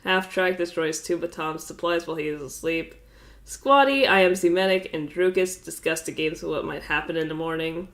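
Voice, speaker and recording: A congested woman with a slightly low voice reads game events out one after another on a casual live stream. She drops offhand, amused asides between the lines and laughs often.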